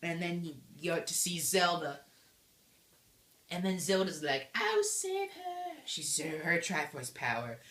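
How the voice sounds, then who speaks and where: Bubbly woman gushing through a game recap, low voice, echoey room. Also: a little slow, a bit bright. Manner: bubbly, gushing, jokey retelling. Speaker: game reviewer.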